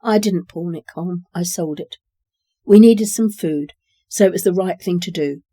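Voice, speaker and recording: A woman's voice: lowish voice, moderate pace, mellow, no echo, lightly acted. A reader voicing a poor widowed mother in a short story, speaking earnestly and apologetically. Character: grown woman, a poor widowed mother, proud and gentle. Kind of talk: reading dialogue in a short story.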